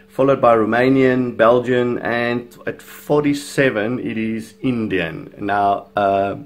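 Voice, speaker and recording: A man's voice: medium pitch, fairly even intonation, slow pace. A South African man whose first language is Afrikaans, giving chatty, opinionated video commentary with frequent chuckles. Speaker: fitness vlogger.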